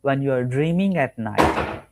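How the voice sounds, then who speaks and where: A man's voice: mid-range voice, lively intonation, unhurried, heavy background noise. A man coaching listeners on manifestation in an earnest, repetitive talk from home, often restarting and correcting his words mid-sentence. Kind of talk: spoken teaching monologue.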